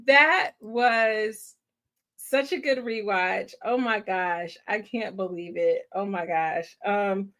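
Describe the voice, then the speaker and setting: Slow-talking chatty woman host. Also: medium pitch, a bit bright. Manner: chatty and effusive, laughs often. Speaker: host of a movie watch-party live stream. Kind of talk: casual live-stream commentary.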